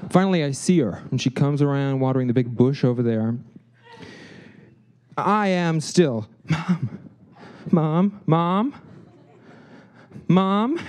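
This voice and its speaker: Mellow-voiced man telling a personal story. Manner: animated, acts out quotes with shifting pitch.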